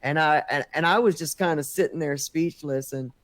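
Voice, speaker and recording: A man guest in an interview, telling his story in an animated way, acting out the dialogue and often saying "man". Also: fairly high pitch, moderate pace, no echo. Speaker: podcast guest.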